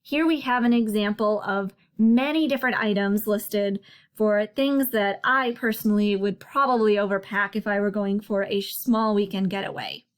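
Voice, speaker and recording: A woman narrating a slide lesson as a writing tutor, explaining patiently and slowing down to stress each example. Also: medium pitch. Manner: clear, patient explaining with slow emphasis on examples.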